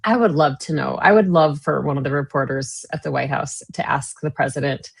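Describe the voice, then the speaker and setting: A woman's voice: sits low, fairly quick, vocal fry, breathy edge. Minnesota lady co-hosting, chatty and sarcastic, riffing on the news. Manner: chatty, wry, sarcastic asides. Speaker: guest co-host. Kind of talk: casual political chat.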